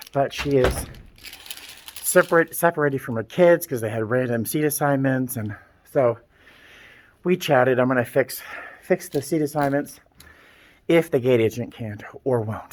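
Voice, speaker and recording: A man's voice: on the high side, fairly bright tone, slight background noise. A man, a flight attendant, vlogging casually to a handheld camera on his way to work, breathing heavily and congested. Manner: chatty, self-narrating, quick asides. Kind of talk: casual vlog talk to camera. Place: home, then outdoors and at the airport.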